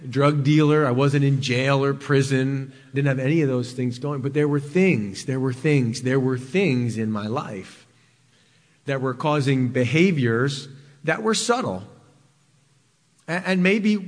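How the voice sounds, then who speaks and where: A man preaching a sermon in a church, telling a personal story and moving between loud emphasis and quiet, intimate passages. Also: medium pitch, long reverb tail. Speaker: pastor. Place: church sanctuary.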